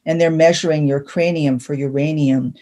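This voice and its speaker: Mellow-voiced woman reading poetry. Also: sits low, steady tone. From Canada. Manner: rhythmic, measured delivery of punning verse. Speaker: poet.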